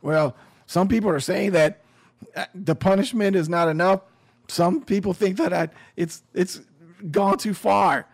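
A man with a fairly high voice talks slowly through a casual commentary. He is sarcastic and emphatic, and he circles back over his own words. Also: creaky. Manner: sarcastic, emphatic, repeats phrases.

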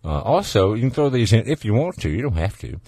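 A man's voice: fairly low pitch, big pitch swings, fast, darkish tone, no echo. A man with a Southern US accent hosting a call-in radio show, folksy and joking in a casual studio chat. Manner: folksy, joking, laughs easily. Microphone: studio microphone.

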